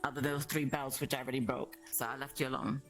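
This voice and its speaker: A middle-aged woman, telling a family story in a blunt, animated way. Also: extremely low pitch, fast, soft background music. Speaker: mother of the streamer, guest. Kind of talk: casual storytelling chat.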